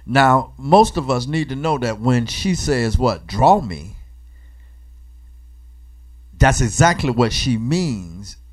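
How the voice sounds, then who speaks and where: In a medium-pitched voice, a preacher leads a call-and-response sermon, putting questions to the congregation and waiting for replies. His colloquial church cadence shifts from loud, emphatic bursts to quiet asides.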